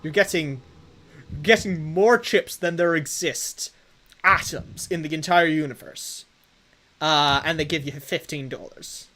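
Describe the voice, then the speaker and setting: High-voiced excitable young man gaming. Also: a little slow. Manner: excitable, playfully boastful, thinks aloud. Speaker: gaming streamer. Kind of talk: live game commentary to chat.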